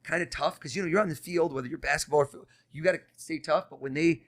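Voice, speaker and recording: A young man, a mentalist guest on a podcast, talking fast and coaxing as he reads a host's mind live. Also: fairly high pitch, a bit bright. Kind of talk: casual podcast talk with live mind-reading.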